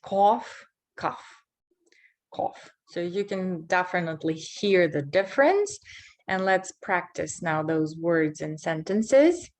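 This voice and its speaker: Woman, English teacher, slow deliberate delivery, low-ish voice, repeats words for practice. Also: lively intonation. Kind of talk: pronunciation lesson.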